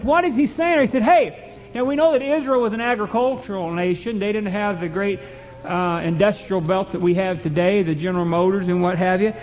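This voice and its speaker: A man's voice: sits high, a little fast, a little mellow, in a large hall. A man preaching a sermon and reading scripture in a folksy, emphatic way that builds to fervent peaks. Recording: dull lo-fi recording.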